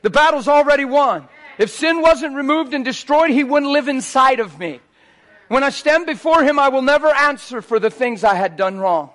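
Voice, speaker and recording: A man preaching a sermon, animated and swinging between quiet asides and near shouts. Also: extremely high pitch, normal speed.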